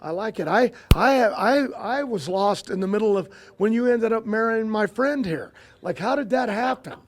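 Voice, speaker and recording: An older man in a casual interview, spinning a long family story. He stops and restarts constantly, piling up fillers as he goes. His voice sits a little on the high side. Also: expressive, a little hiss or hum. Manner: rambling, halting with many restarts and fillers. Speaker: guest.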